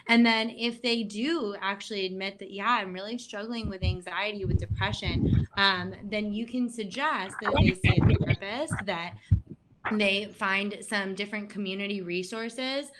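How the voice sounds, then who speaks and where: A woman speaking as a guest at an online event, chatty and animated, acting out bits of dialogue. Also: medium pitch. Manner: chatty, frequent "like", acts out quoted dialogue. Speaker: guest speaker on mental health. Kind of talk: casual talk at an online event.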